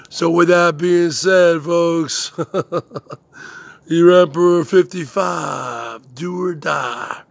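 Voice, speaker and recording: A man hosting his own show, delivering a slow, boastful rant full of drawn-out catchphrases and chuckles. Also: a little high, steady tone, vocal fry, no room sound. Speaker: host.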